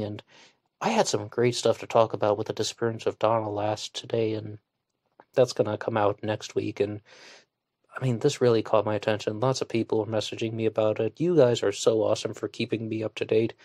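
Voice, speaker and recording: A man's voice: fairly low pitch, a little mellow, dry recording, studio quality. A man hosting a solo podcast in casual commentary, blunt and scornful, with frequent fillers and swearing. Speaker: podcast host.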